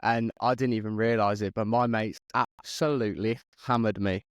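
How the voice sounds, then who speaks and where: Friendly English host, dry studio sound. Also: male voice, on the low side, fairly even intonation, normal speed, dry recording. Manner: friendly, calls everyone mate. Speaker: podcast host. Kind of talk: casual chat.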